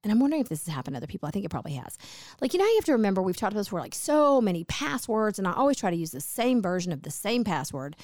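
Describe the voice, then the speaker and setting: A middle-aged woman tells a rambling story in a chatty, conversational way. Her voice sits in a middle pitch, and the recording is close and dry. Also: very animated, racing, a little mellow, no echo. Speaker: co-host, host's wife. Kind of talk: casual chat.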